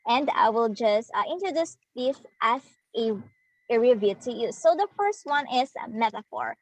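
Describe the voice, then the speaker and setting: A young woman from the Philippines with a Filipino accent, giving a demo class lesson as a student teacher, explaining slowly with pauses and fillers. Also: a little high, animated, no echo, poor audio. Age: young adult. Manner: slow, hesitant, explaining to students.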